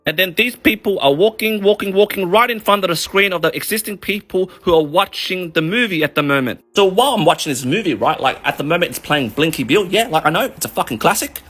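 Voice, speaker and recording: A man's voice: sits high, lively intonation, fast, few pauses, fairly bright tone. A man, a mortgage broker and vlogger, telling a comedic ranting story full of swearing.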